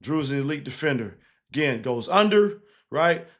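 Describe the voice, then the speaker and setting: A man, a basketball coach, casually breaking down game film, animated and laughing easily, tagging points with 'right?'. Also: fairly high pitch, moderate pace. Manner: animated, keeps checking in with 'right?' and 'again'; laughs easily while explaining.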